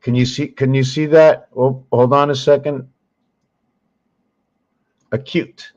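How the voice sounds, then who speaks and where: On his own channel, a man with a medium-pitched, slightly mellow voice and little pitch movement guides viewers through his screen, captured with lo-fi sound. He searches aloud slowly and ramblingly, pausing often and correcting himself as he teaches.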